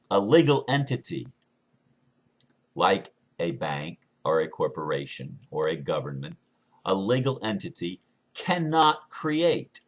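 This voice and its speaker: A man from the United States talking in an earnest, unscripted monologue, often halting and restarting his phrases. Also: lowish voice. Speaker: speaker sharing beliefs.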